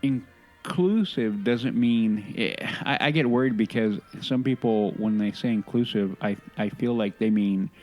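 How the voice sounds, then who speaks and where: Male podcast co-host, deep-ish voice, earnest and halting, restarts a lot; light music bed behind. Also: darkish tone. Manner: halting, many restarts and self-corrections; earnest, opinionated. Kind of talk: casual chat.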